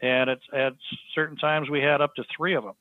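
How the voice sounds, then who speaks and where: A man telling a story as a podcast guest, halting with frequent restarts and fillers. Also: fairly high pitch, little pitch movement, no echo. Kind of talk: storytelling in casual conversation. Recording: tinny phone-line sound, dry.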